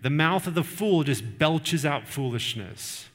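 Middle-aged male pastor, earnest conversational sermon delivery, slightly higher voice. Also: expressive, unhurried, a bit bright. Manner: earnest, conversational preaching with personal stories.

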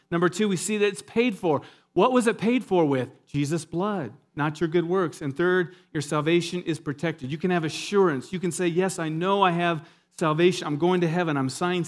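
A man preaching a sermon in a lively, conversational way, with asides and jokes to the congregation. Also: on the high side. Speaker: pastor.

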